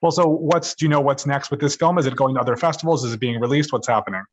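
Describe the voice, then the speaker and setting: A man's voice: medium pitch, fast. A man interviewing a film director, chatty and friendly as he asks questions.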